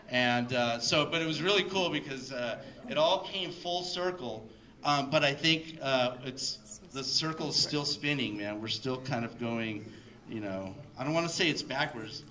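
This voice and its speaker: With a bright, forceful, medium-pitched voice, a middle-aged man from Mexico addresses a library event audience as a guest speaker. His story rambles, packed with fillers and laughs, and is recorded from a distance.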